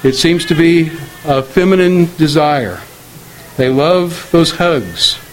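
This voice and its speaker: Middle-aged male preacher, earnest and measured, a slightly raised voice over faint hiss. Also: on the high side, expressive, low-quality recording. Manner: measured, earnest, slows to quote scripture. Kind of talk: sermon on marriage.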